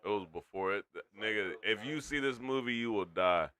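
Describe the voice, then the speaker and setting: Loud, profane man on a live stream. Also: lowish voice, a little fast. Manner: loud, profane, animated storytelling. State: drinking tequila. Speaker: stream co-host. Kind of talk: casual stream chat.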